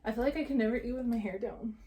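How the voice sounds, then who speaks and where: A woman's voice: a little high, rapid-fire, mellow. Chatty young woman vlogging. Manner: chatty, full of "like" fillers. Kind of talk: casual chat.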